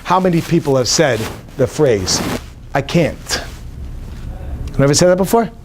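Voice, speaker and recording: A man, a rabbi, giving a humorous inspirational talk to an audience in a hotel conference room, animated and quizzing the listeners as he goes. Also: on the high side, a little fast, background noise.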